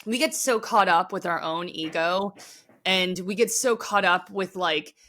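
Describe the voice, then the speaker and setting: A woman's voice: fairly low pitch, a little slow, fairly bright tone. A woman guest on a podcast, talking casually and earnestly with lots of "like" fillers, openly sensitive. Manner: earnest, heavy use of "like" fillers; sensitive, emotionally open. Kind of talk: casual chat.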